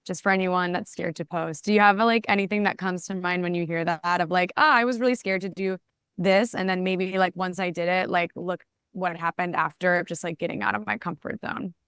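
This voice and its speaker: Woman moderator with a smooth low voice. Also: a bit bright, no room sound, clean studio sound. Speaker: workshop moderator. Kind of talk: reading audience questions.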